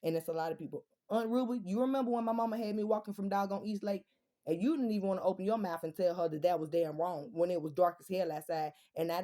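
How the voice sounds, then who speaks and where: A woman's voice: lowish voice, mellow. A woman, talking straight to her viewers in a casual monologue, blunt and profane, firing off rhetorical questions. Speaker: vlogger.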